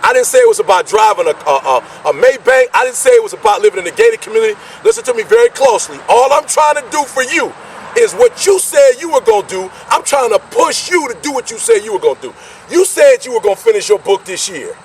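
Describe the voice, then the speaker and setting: A man giving an energetic motivational speech, repeating his points and pushing the listener hard. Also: very high-pitched, quick pace, recorded from a distance, slight background noise. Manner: energetic, preachy, repetitive call-and-response. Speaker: motivational speaker.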